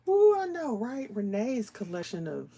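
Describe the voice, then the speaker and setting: A woman's voice: a little high, very animated, normal speed, mellow, breathy edge. A woman hosting a live stream, chatting casually with viewers as she colors, laughing often and slipping into whispers while she works. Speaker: livestream host.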